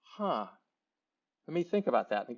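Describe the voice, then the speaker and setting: A man's voice: a little high, very animated, a little slow, dull audio. Man doing a hesitant male shopper who stays polite and noncommittal.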